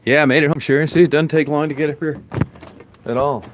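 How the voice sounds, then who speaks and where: A man's voice: on the high side, fairly even intonation, fast talker, slight background noise. A man, filming a casual vlog as he gets home, talking offhand and cooing to his dog. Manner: coos affectionately to his dog, calling her hon; rambling, offhand, swears casually. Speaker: vlogger. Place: arriving home in snowy weather, garage and house.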